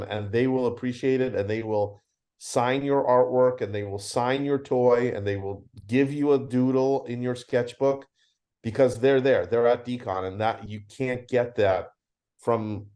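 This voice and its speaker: A middle-aged man, a convention founder, telling stories in a casual interview and acting out the dialogue in them. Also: medium pitch. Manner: animated storyteller acting out dialogue.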